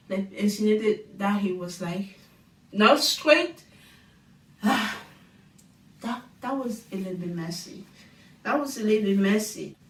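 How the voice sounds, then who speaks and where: A woman giving a casual, animated recap of a reality TV show, exclaiming and firing off rhetorical questions. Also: medium pitch. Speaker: TV show reviewer. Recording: echoey room, distant mic.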